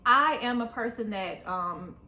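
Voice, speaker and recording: A woman co-host gives her views in a relaxed, talkative way, sharing opinions at length. Her voice sits a little high, and the sound bounces around a reverberant room. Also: measured pace. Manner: opinionated, talks things through at length. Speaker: podcast co-host. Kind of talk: casual chat.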